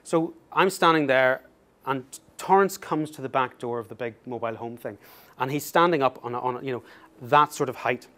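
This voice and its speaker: A man giving a talk as an author, telling an anecdote in a lively, self-mocking way and laughing through the story. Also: mid-range voice, moderate pace.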